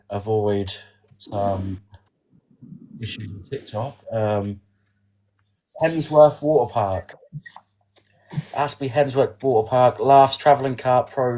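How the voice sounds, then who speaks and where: A man's voice: fairly low pitch, steady tone, slow pace, long pauses, a little mellow. Hesitant man reading a list aloud. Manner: hesitant, filler-heavy, reads stiffly. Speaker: podcast guest, angler. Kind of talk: casual podcast chat and reading aloud.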